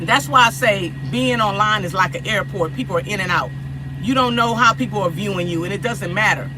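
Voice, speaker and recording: A woman's voice: medium pitch, moderate pace, noisy background. A woman from Los Angeles chatting casually with viewers on a phone livestream, repeating herself and laughing often. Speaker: livestream host.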